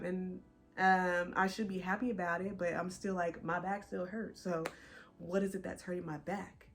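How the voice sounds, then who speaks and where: Young woman vlogging, kinda low voice, out of breath, chatty, soft music under it. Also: moderate pace. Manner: chatty, animated, confiding. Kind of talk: casual chat to camera.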